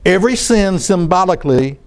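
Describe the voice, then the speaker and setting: A man's voice: high-pitched, lively intonation, fairly quick. A man preaching a sermon in front of a congregation, talking in a conversational way and often repeating his phrases.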